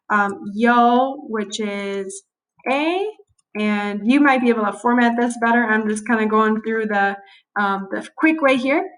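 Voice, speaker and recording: A young woman teacher with a fairly bright, somewhat high voice walks through a screen-recorded grammar tutorial. She keeps it casual and corrects herself as she types. The recording is rough.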